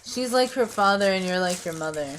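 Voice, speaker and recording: A woman giving a casual pick-a-card tarot reading, rambling and hesitant with many pauses and restarts. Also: mid-range voice, expressive, a little hiss or hum. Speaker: tarot reader.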